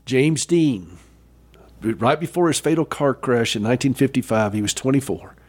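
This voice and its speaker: A man giving a devotional Easter talk in a reflective way, pausing for effect and asking the listener direct questions. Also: medium pitch, breathy edge. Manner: reflective, with expressive pauses and emphasis.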